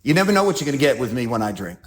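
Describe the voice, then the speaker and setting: A man's voice: medium pitch, very animated, racing. A man with a New York accent telling his story as a speaker at a recovery meeting, acting out scenes with self-mocking humor.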